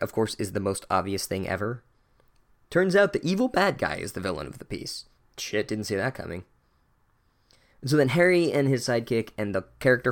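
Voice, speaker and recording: A man giving a sarcastic, exasperated and profane comedic book recap. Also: on the low side. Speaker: book reviewer.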